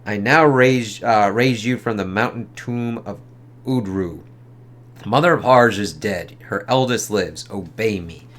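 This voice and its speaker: A commanding male sorcerer from a comic declaims a summons in a raised voice, voiced by a man reading aloud. The delivery is loud and formal. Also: lowish voice, measured pace.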